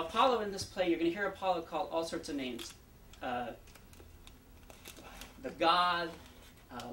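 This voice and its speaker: A man's voice: on the high side, a bit bright. Casual guy telling the audience the backstory before a play, chatty, recorded far off in an echoey room. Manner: chatty, storytelling, addresses the audience. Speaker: actor introducing a play. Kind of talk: casual pre-show talk. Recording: roomy, distant, faint background hum.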